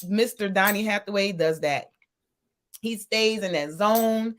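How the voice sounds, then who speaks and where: A woman's voice: mid-range voice, unhurried. A woman co-hosting a radio music show, chatting casually and playfully, laughing often and enthusiastic about the music.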